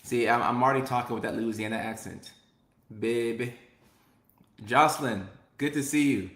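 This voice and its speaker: Man, live stream host, chatty, upbeat, mid-pitched voice, echoey room. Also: brisk, fairly bright tone. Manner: chatty, upbeat, repeats phrases. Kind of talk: live stream chat, reading comments.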